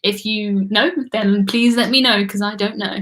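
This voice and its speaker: A woman's voice: mid-range voice, fairly even intonation, moderate pace, fairly bright tone. An English woman hosting a live trivia stream, chatting casually and laughing often as she reads viewer comments.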